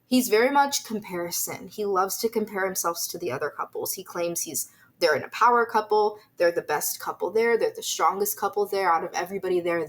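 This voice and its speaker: A young woman giving casual, opinionated commentary in a reaction video, chatty and full of "like" and "um". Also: lowish voice.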